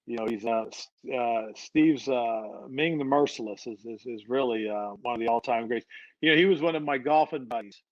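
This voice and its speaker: A man's voice: medium pitch, normal speed, no echo, dull audio. A middle-aged man, a football head coach guesting on a podcast, telling stories in a chatty way and often repeating his opening words. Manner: repeats words when starting sentences, animated when telling stories. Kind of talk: conversational storytelling.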